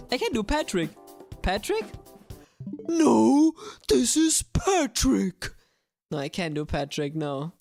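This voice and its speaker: Lively, chatty woman streaming. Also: mid-range voice. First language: Italian. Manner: chatty and playful, laughs often. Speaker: game streamer. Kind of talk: casual live-stream chat.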